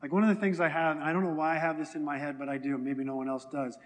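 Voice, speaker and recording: A man's voice: a little high, little pitch movement, rapid-fire, in a large hall. A man preaching a sermon to a congregation in a conversational way, often asking them questions. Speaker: pastor. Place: church hall.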